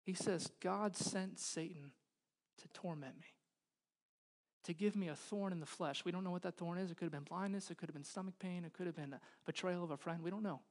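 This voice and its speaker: A man in his thirties, a pastor preaching a sermon in a church, moving from loud pleading to hushed intensity. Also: high voice, brisk. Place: church hall.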